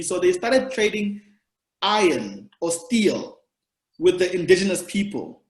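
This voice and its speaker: A South African man hosting a podcast, chatting casually and rambling through long explanations of history. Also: high-pitched. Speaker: podcast host, comedian. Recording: roomy echo.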